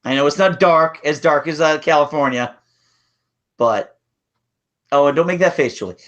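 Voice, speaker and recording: Chatting about theme park rides on his podcast, this host wanders from point to point and keeps starting over. He speaks at a moderate pace in a somewhat high, slightly bright voice, and the recording sounds muffled.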